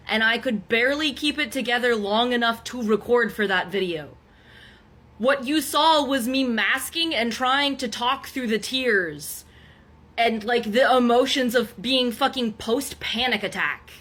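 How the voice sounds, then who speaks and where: A young woman vents to camera in an angry, exasperated rant full of swearing. Her voice sits high and gets sharper as she presses her point, though she stays steady enough to keep talking. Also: unhurried. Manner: heated, profane, exasperated. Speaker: content creator.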